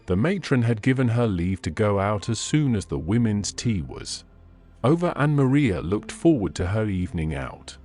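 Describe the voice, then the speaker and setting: A man's voice: lowish voice, sing-song, normal speed, a little mellow, faint music behind. A man reading classic fiction aloud as an audiobook narrator, telling the story expressively.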